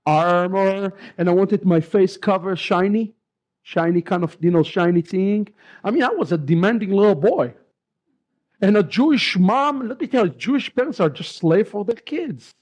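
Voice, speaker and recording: A middle-aged man with an Israeli accent, a rabbi giving a lively personal testimony and acting out remembered dialogue. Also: sits high, moderate pace. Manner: lively storyteller who acts out remembered dialogue.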